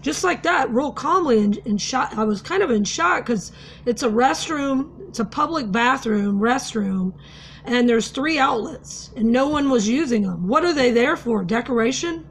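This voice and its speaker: A woman's voice: a little high, lively intonation, normal speed, slight background noise. A woman talking casually to camera in a vlog, telling a story in a conversational, earnest way. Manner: conversational, with fillers and restarts, earnest. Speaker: vlogger.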